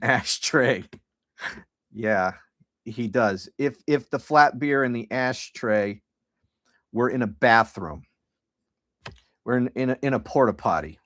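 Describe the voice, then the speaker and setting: A man's voice: medium pitch, dry recording, clean studio sound. A middle-aged man hosting a podcast livestream, talking casually in a rambling, sardonic and profane way. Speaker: podcast host.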